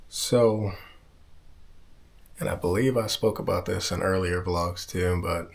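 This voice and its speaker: A man from Southern California telling a personal story in a casual vlog, rambling, swearing and backtracking as he goes. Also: sits low. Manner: rambling, profane, backtracks often. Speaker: vlogger.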